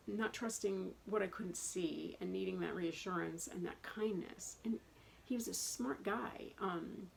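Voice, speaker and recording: Her voice is lowish and gravelly, captured on a rough recording with faint noise behind it. A middle-aged woman, she rambles on in a chatty personal vlog, admitting she's a talker.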